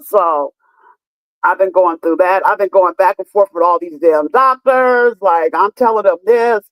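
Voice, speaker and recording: A woman's voice: lowish voice, unhurried, no echo, muffled recording. A woman in her fifties chatting casually on a live stream, telling stories emphatically with lots of swearing and talking straight to her viewers. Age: 50s. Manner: profane, emphatic storytelling, talks to viewers.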